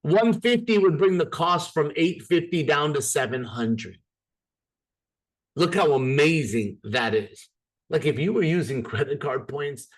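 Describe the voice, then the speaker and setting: A man's voice: medium pitch, slightly rough. A man giving an upbeat, persuasive sales presentation to a live group.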